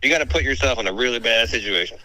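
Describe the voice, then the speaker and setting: A man's voice: mid-range voice, rapid-fire, bright, forceful tone, low-quality recording. A man in a casual chat, laid back, chiming in with short agreements and jokes.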